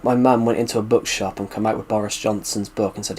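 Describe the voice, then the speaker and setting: A man's voice: fairly low pitch, fairly even intonation, fast, a little mellow, a little hiss or hum. A British man from the UK chatting casually on a live stream, rambling and circling back to repeat himself as he answers viewers' questions. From United Kingdom. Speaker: livestreamer answering chat.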